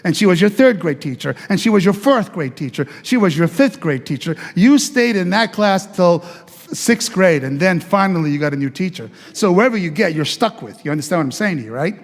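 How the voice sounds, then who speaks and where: A man's voice: sits high, animated, a little fast, big-room sound. A male pastor from Italy telling his life story as a sermon in a chatty, conversational way, with asides to the congregation. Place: church sanctuary.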